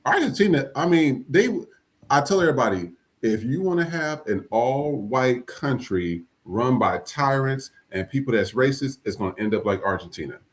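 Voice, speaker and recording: Guy hosting a podcast, blunt and cussing a lot, ranty and fired up, regular mid-pitched voice. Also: moderate pace. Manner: blunt, profane, animated ranting. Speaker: podcast host. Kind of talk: casual political chat.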